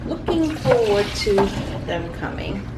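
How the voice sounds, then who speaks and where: A woman's voice: mid-range voice, very animated, slow pace, far from the mic, heavy background noise. A woman chatting casually to her camera in an apartment kitchen, rambling on as she tidies up. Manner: chatty, rambling, talks to herself while tidying. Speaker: travel vlogger. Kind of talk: casual vlog chat to camera. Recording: clear background music under the voice.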